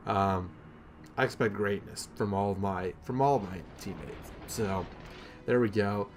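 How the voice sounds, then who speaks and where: A man's voice: on the low side, unhurried, soft background music. A young man giving casual, self-deprecating commentary over his own gameplay, with lots of ums and rambling asides.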